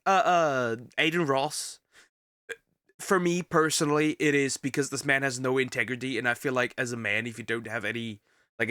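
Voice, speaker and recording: A man with a bright, forward voice talks through a reaction video while a little sick. His commentary is casual and rambling, full of restarts and repeated words. The sound is dry and close to the mic. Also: mid-range voice, no room sound.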